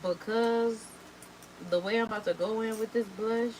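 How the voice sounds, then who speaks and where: A woman's voice: on the high side, steady tone, normal speed, a little mellow, a little hiss or hum, poor audio. A woman chatting casually while doing her makeup on camera. She talks in slang and repeats words for emphasis. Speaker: beauty vlogger.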